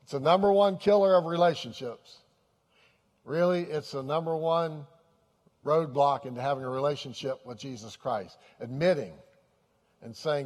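Male pastor, higher register, earnest and repetitive delivery, reverberant hall. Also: normal speed, darkish tone. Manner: earnest, repeats phrases for emphasis. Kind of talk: sermon.

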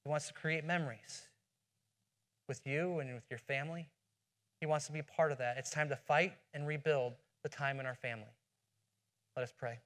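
A man's voice: fairly high pitch, fairly even intonation, moderate pace, long pauses, fairly bright tone. A man preaching a sermon as pastor, earnest, asking rhetorical questions and often restarting his phrases. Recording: long hall reverb.

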